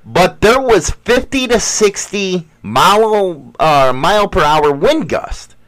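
Male podcast co-host, high and very lively, crude, boastful banter. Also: takes it slowly. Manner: profane, boastful, mock-preaching. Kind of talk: casual banter.

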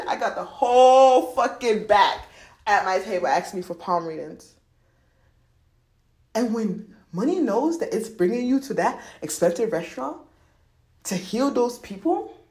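A woman's voice: lowish voice, expressive, moderate pace, darkish tone, roomy sound. A woman hosting a podcast in casual spiritual talk about money, slangy and profane, laughing often and acting out voices. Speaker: podcast host.

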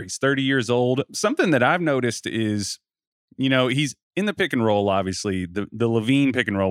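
A man co-hosting a podcast, talking basketball in a loose, halting way with frequent restarts. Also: fairly low pitch, fairly bright tone, no room sound, clean studio sound. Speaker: podcast co-host. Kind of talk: casual basketball chat.

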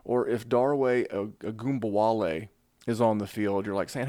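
A man hosting a casual fantasy football podcast, talking through his analysis in a conversational, animated way. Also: fairly low pitch, normal speed, no room sound. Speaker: podcast host.

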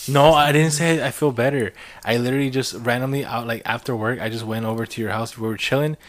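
Guy chatting w friends, kinda defensive, rambles, middle pitch. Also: fairly even intonation, fast. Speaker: friend in group chat. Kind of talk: casual chat.

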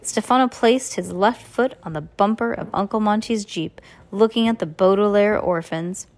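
A woman reading a novel aloud in a plain, steady storytelling manner with small slips. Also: mid-range voice, moderate pace. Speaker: audiobook reader.

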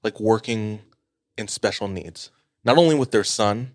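A man co-hosting a casual podcast, telling a story in a relaxed, hedging way and laughing often. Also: on the low side, a little slow, dry recording, clean studio sound. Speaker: podcast co-host.

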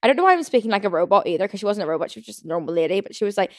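A young woman hosting a podcast, telling a story in a fast, chatty rant full of swearing and fillers. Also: mid-range voice, animated, no room sound, studio quality. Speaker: podcast host. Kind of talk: casual solo rant.

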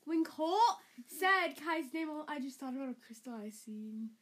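A woman's voice: high-pitched, animated, moderate pace, fairly bright tone. A young woman co-hosting a podcast, teasing her friend and laughing as they watch a show. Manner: playful, teasing, laughs a lot. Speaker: podcast co-host. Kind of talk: casual chat while watching a show.

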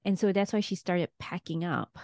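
A woman's voice: fairly low pitch, moderate pace, darkish tone, no echo, studio quality. A woman in casual conversation, thinking aloud and hedging her opinions about a reality show. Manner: thoughtful, hedging, laughs often.

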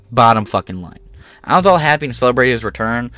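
A man's voice: medium pitch, lively intonation, quick pace, pushed and bright. Profane, ranting man. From Canada. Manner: profane, blunt, heated. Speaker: podcast host. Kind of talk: ranting commentary.

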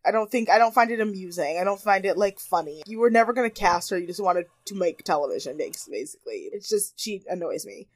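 A woman's voice: mid-range voice, fast talker, hardly any pauses, no echo. Chatty young woman, dry close mic. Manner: animated, quotes people in exaggerated voices, laughs often. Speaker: podcast co-host. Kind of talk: casual chat.

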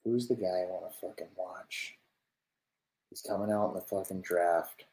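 A man in his twenties in casual live-stream commentary, swearing constantly and rambling to his viewers as he reacts to football highlights. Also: fairly even intonation, normal speed, mellow, low-quality recording. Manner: loose and rambling, talks to viewers.

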